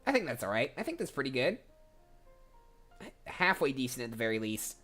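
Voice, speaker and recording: A man's voice: mid-range voice, very animated, fairly quick, pushed and bright, soft background music. A man streaming his voice acting work and chatting casually with viewers, self-deprecating. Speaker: voice actor streamer. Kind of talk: casual livestream chat.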